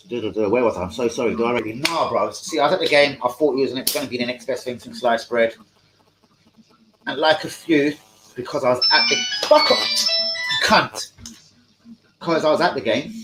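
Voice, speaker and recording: A man hosts a live stream and chats about football, rambling and swearing a lot. He gets excitable, and his voice sits at an ordinary middle pitch. A faint hum of noise runs behind him.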